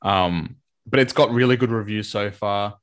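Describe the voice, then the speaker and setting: A man co-hosting a podcast, chatting casually in a rambling, relaxed way and laughing often. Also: lowish voice, normal speed. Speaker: podcast co-host. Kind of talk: casual chat.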